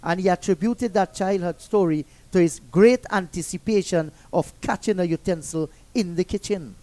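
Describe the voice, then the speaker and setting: Man, cricket co-commentator, relaxed, mellow, slightly high voice. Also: normal speed, no echo.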